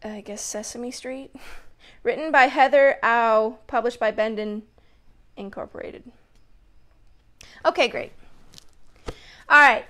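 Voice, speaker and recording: A woman's voice: sits high, animated, slow pace, pauses often, sharp tone. A young adult woman hosting a children's story time, reading picture books aloud in an upbeat, chatty way and asking the kids lots of questions.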